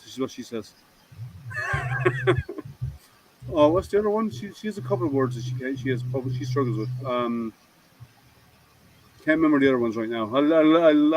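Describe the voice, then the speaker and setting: A man's voice: fairly high pitch, poor audio. An Irish man hosting a casual video-call chat, rambling and trailing off as he searches for words. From Ireland. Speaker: host.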